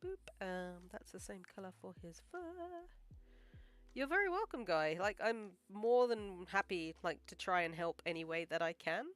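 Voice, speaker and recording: A woman's voice: on the low side, animated, normal speed, dry recording. A woman animator chatting casually on a livestream while she draws, rambling with lots of "like" and "um" and sounding modest and encouraging. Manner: rambling, full of "like" and "um". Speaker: animator live-streaming her work.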